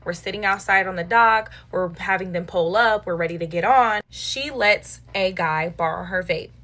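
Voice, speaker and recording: A young woman chatting through a storytime, animated and slangy, with asides to her viewers. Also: on the low side, moderate pace. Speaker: storytime vlogger. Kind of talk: casual storytime monologue.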